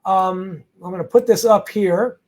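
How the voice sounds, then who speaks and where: A man with a strikingly high voice for his sex hosts a live question-and-answer stream as an immigration lawyer. He is energetic and chatty and greets viewers by name. He stresses his legal points emphatically, as if rallying a crowd. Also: measured pace.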